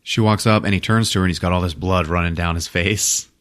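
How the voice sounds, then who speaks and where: A man casually recapping a film for a podcast, swearing often, laughing and acting out quick character bits. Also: sits low, fairly even intonation, fairly bright tone. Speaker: podcast host.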